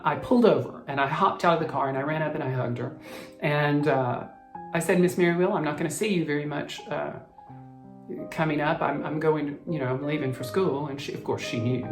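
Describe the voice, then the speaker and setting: Choked-up man with a gravelly voice. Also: a little high. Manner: emotional, choked up, halting with restarts. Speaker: cross-stitch vlogger. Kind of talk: personal storytelling to camera. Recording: echoey room, faint music behind.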